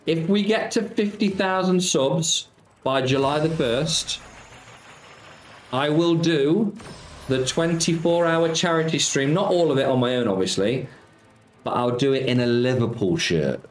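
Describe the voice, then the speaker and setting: A man's voice: a little high, a little slow, slight background noise. A man hosting a casual live stream, chatting with viewers and answering their comments. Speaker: slots streamer. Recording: roomy sound with faint music.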